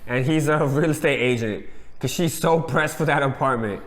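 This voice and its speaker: A man co-hosting a casual reality TV review, animated and slangy, acting out what the cast said. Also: mid-range voice, moderate pace, in a large hall. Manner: animated, acts out quotes with slang. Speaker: co-host.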